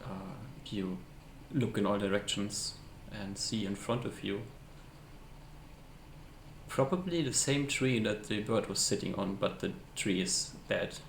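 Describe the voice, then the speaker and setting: A man's voice: fairly low pitch, measured pace, gravelly. A man narrating a tabletop game as game master, hesitant and often searching for words. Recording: echoey room, faint hiss.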